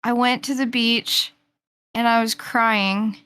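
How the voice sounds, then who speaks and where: A woman player strings together a sweeping, overdone tale in one long run of "and then". Her voice is bright and clear, and she narrates with playful drama. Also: on the high side, fairly even intonation, takes it slowly. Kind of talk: improvised storytelling in a tabletop game.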